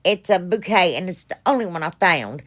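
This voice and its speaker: A middle-aged woman with a drawl talks through her craft project in a fairly low voice. She rambles, pokes fun at herself and scatters fillers as she goes. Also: animated, a little fast, fairly bright tone. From United States. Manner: rambling, self-deprecating, chatty with fillers. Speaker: craft channel host. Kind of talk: casual crafting voice-over.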